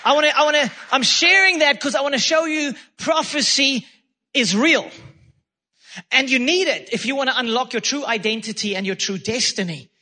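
A man's voice: very high voice, normal speed, sharp tone. A man preaching a sermon as pastor, fervent and repetitive, calling out praise between points. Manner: fervent preaching with repeated phrases and exclamations.

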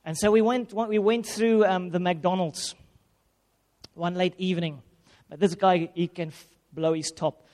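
A man, a pastor, telling a lively, self-mocking personal story in a sermon. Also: high voice, unhurried. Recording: long reverb of a hall.

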